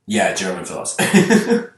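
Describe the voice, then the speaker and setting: A man's voice: sits low, huge pitch swings, unhurried, roomy sound, rough recording. A man giving an unscripted spiritual talk, musing aloud and full of rhetorical questions. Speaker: spiritual lecturer.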